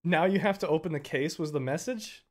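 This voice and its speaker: A young man streaming a game, chatting casually with viewers, laughing often and breaking into loud outbursts. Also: fairly high pitch, fairly quick, soft background music. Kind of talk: casual live-stream commentary.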